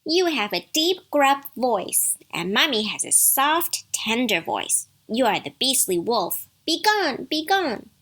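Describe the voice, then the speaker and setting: A woman voicing a group of small young goat kids in a storybook, high, loud and excited. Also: slow, few pauses, heavily acted.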